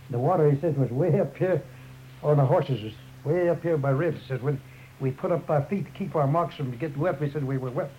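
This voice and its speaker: A man's voice: on the high side, a little hiss or hum. Man retelling an old account on lo-fi tape. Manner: rambling, repeats "up there", many restarts. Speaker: storyteller. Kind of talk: oral history retelling. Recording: dull lo-fi tape recording.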